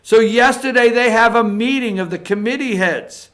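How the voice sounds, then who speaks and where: A man's voice: extremely high pitch, moderate pace, fairly bright tone. A man giving a political opinion monologue as a show regular, emphatic and repetitive, tagging his points with "okay?". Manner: emphatic, repeats points, tags lines with "okay?". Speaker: political commentator.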